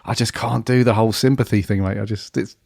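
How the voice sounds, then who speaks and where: Man, croaky head cold, low voice, dry close sound, chatty casual podcast talk. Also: steady tone, quick pace, a little mellow, no room sound. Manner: chatty, says "mate" a lot. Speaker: podcast co-host. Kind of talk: casual chat.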